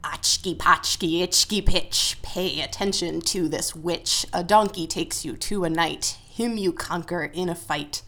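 A woman's voice: on the low side, unhurried, few pauses, pushed and bright, voice pushed down. A woman doing a cackling witch chanting rhymes. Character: cackling old witch stirring a cauldron.

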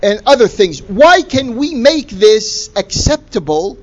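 A man's voice: high voice, sing-song, measured pace, a little mellow. A man giving a religious lecture, emphatic and full of rhetorical questions. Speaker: Islamic lecturer.

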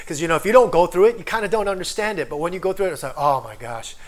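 A pastor, a foreigner living in Korea, preaches an online sermon in a high-pitched voice at a racing speed. He is full of energy, frequently calling out for an amen and acting out the voices inside people's heads.

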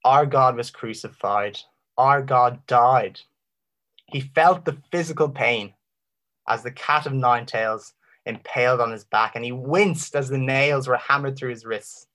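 Man, impassioned preacher, rhetorical questions, dramatic pauses, middle pitch. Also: a bit bright. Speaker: Christian speaker. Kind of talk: apologetics talk.

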